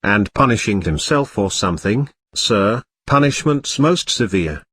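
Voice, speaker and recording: A man voicing a timid, excitable male house elf servant who keeps dropping a low, bowing "sir" at the end of his sentences. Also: unhurried, husky, heavily acted. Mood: earnest. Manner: servile, ends sentences with a low drawn "sir".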